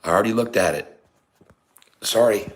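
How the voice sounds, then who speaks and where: A man's voice: lowish voice, moderate pace, slight background noise. A middle-aged man hosting a day-trading channel, giving exasperated, emphatic stock chart commentary from a house, sometimes dropping to a whisper. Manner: exasperated, scolding, emphatic repeated no's; drops to a whisper at times. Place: sister's house, indoors.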